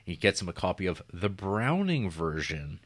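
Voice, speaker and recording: A man co-hosting a film podcast, casually retelling a plot in a rambling, animated way, often acting out quotes and laughing. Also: low-pitched, moderate pace, dry recording. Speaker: podcast co-host. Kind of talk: casual film review chat.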